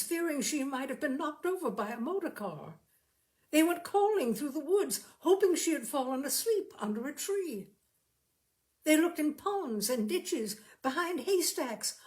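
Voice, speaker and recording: A woman reading a short story aloud as storyteller, with measured, expressive delivery. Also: fairly high pitch.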